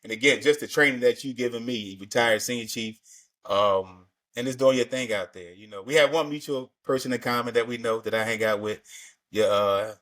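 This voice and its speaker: A man's voice: mid-range voice, a little fast, a bit bright. A man hosting a podcast in casual interview chat, laid-back and slangy, often repeating words as he gathers his thoughts. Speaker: podcast host.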